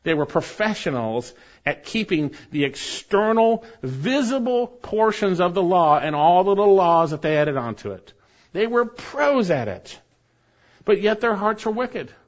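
A male pastor with a high, lively voice that swings widely in pitch, hammering on key phrases and repeating them for emphasis. His sermon comes through a dull, lo-fi church recording. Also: a little slow. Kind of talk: expository sermon.

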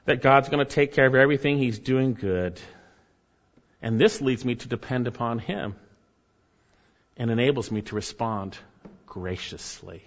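A man's voice: medium pitch, normal speed, pauses often. A man preaching a sermon as pastor, earnest, with rising emphasis and asides to the congregation. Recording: dull, hall reverb.

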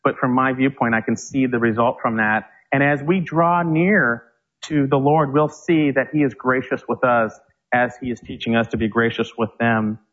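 A male preacher giving a Bible teaching sermon, reading scripture slowly and with emphasis. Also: mid-range voice, fairly even intonation, fairly bright tone, dull audio. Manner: slow, emphatic verse reading.

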